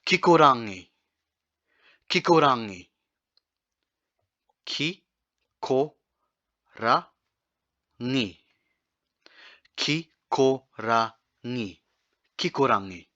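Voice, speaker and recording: A man teaching pronunciation, slowly repeating each word for practice. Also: medium pitch, sharp tone. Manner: slow, deliberate, repeats words for practice. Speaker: language teacher. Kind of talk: pronunciation lesson. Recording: dull lo-fi sound.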